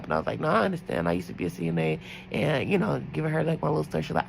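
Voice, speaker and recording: A young woman with a deep, heavily gravelly voice tells a long story from her nursing shift in a chatty, casual way. She jumps up in pitch to act out what others said. A faint noise sits behind her. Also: expressive, very fast, rough recording. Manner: chatty, acts out quotes in higher voices. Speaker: night nurse vlogger.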